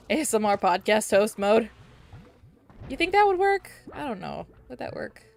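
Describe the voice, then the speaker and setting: A woman streaming a game, chatting casually and getting excited easily, with giggles. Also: fairly high pitch, unhurried, gravelly, faint music behind. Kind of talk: casual gameplay stream chat.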